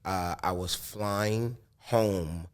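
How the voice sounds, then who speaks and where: A man's voice: low voice, drawn-out words, clear, resonant tone. A man chatting as a guest on an interview show, laid-back and joking, often laughing. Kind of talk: casual interview chat.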